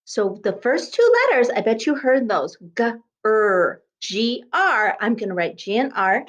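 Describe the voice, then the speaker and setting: A woman teaching a kindergarten class by video, speaking slowly in a sing-song way and sounding out words letter by letter. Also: a little high, lively intonation, lo-fi sound. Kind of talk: remote lesson for young children.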